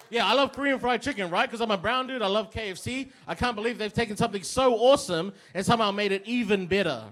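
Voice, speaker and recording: A brash young man tears through a crude stand-up set on a pub stage. His voice sits high for a man, and he mocks himself as he lands each punchline. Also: a bit bright. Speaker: stand-up comedian.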